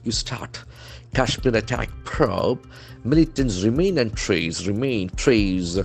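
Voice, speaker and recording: Low-voiced teacher spelling words. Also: male voice, animated, slow pace, creaky, soft background music. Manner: spells words letter by letter and models pronunciation. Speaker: English trainer. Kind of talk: newspaper vocabulary lesson.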